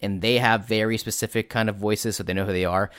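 A young man with a fairly low voice chatting loosely about running his tabletop game podcast. He rambles with lots of fillers and the odd swear word. The sound is dry and close. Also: steady tone, fast, fairly bright tone, smooth, dry recording. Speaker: game master and podcast host. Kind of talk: casual chat.

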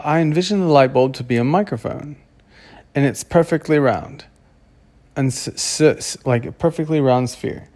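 A man's voice: fairly high pitch, a little mellow. A man talking to camera in a casual monologue, rambling and often stopping to search for words. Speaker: vlogger.

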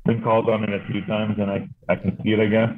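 A man's voice: fairly low pitch, level tone, quick pace. A man chatting casually, telling rambling stories full of fillers and swearing. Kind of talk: casual chat. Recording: tinny phone-like line.

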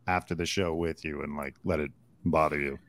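A man's voice: rumbling low, fairly even intonation, fairly quick, a bit bright, dry recording. A man co-hosting an interview, asking curious, probing questions in a casual tone. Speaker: interviewer, co-host.

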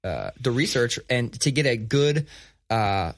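A man co-hosting a casual podcast, talking in a relaxed, conversational way and telling stories. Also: medium pitch, unhurried. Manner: conversational, reads sponsor plug casually. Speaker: podcast co-host. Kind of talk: casual chat.

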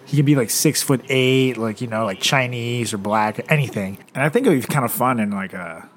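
A man's voice: medium pitch, fairly quick, a little hiss or hum. A young man co-hosting a podcast, joking and laughing often in a profane casual chat. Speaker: podcast co-host, performer.

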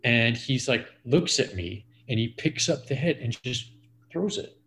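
A man's voice: medium pitch, animated, unhurried, fairly bright tone, slight background noise. A man in his forties, a podcast guest, telling a profane, rambling story full of "like" fillers. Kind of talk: casual storytelling.

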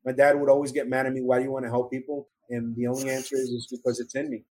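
Husky-voiced middle-aged New York man. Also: medium pitch, little pitch movement, rapid-fire, darkish tone, low-quality recording. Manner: earnest, emotional storytelling with many restarts. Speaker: former police officer telling his survival story. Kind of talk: first-person testimony in an interview.

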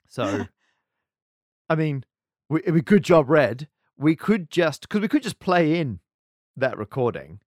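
A man's voice: fairly high pitch, very animated, slow pace, pauses often, darkish tone, no echo, clean studio sound. A man co-hosting a podcast in casual chat, giggly and self-mocking. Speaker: podcast co-host.

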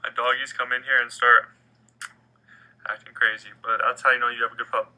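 Bright-voiced cursing man. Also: medium pitch, brisk, low-quality recording. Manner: profane, animated, swings between loud and muttered. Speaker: podcast host. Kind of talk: casual rant.

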